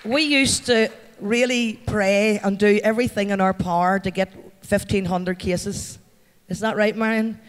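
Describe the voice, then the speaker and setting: Northern Irish man, high-pitched, heartfelt and chatty, giving an award speech in a reverberant hall. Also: steady tone, unhurried. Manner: heartfelt, chatty, thanks the crowd by name. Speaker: award recipient addressing a company event. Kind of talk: acceptance speech to a live audience. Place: large event hall.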